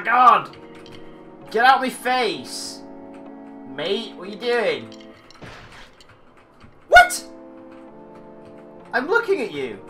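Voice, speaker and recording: Jumpy let's player, talks back to the game, unhurried, voice leaps up and down. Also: mid-range voice, sharp tone. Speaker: gamer playing a horror game. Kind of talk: let's play commentary.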